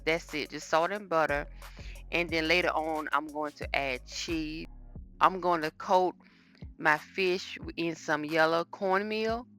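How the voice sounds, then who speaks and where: A woman with a low voice and a bright, forceful tone talks viewers through a home-cooked meal. She chats easily and speaks straight to the camera, which sounds like a phone. Soft music plays faintly underneath. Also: fairly even intonation, unhurried. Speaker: cooking vlogger. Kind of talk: casual cooking vlog chat. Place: home kitchen.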